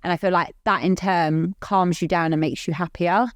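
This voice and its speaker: A woman with a slightly low voice, chatting candidly on a podcast. She rambles, fills her sentences with "like", and stays open and earnest throughout. The close mic sounds dry, with almost no room. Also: fairly even intonation, moderate pace, dry recording. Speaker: podcast co-host. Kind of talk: candid casual chat.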